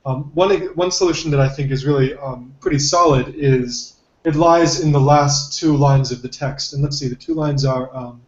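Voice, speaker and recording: A man's voice: medium pitch, steady tone, normal speed. A man co-hosting a podcast, talking through ideas thoughtfully and hedging with many fillers. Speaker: podcast co-host. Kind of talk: casual analytical discussion. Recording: dull lo-fi recording in a roomy echo.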